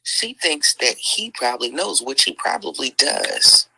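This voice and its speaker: A woman's voice: deep voice, lively intonation, unhurried, gravelly, sharp tone, slightly rough, no room sound, low-quality recording. A woman hosting a livestream, talking in heated commentary with lots of swearing, sighs and "mm-mm"s. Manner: profane, exclaiming, lots of sighs and mm-mm.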